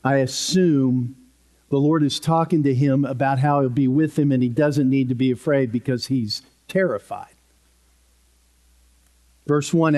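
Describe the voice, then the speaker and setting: A man's voice: fairly high pitch, a little mellow. Male pastor, conversational sermon, takes his time, light self-deprecating humor, church podium mic. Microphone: podium microphone.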